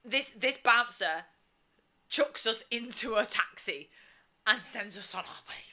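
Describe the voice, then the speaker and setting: Bright-voiced woman podcaster. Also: a little high, measured pace. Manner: animated, laughs often, acts out quotes loudly. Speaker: podcast co-host. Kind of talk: casual storytelling chat.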